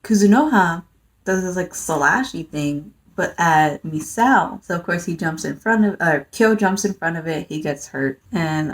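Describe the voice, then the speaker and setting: Rambling, sarcastic woman reviewing a manga. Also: lowish voice. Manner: rambling, dry and sarcastic, filler-heavy. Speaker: book reviewer.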